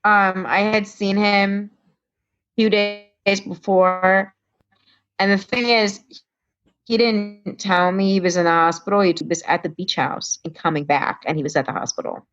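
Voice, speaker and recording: A woman's voice: medium pitch, steady tone, a little slow, a bit bright, lo-fi sound. A woman from Connecticut, a comedian guest, telling a story in casual talk and acting out the voices of the people in it.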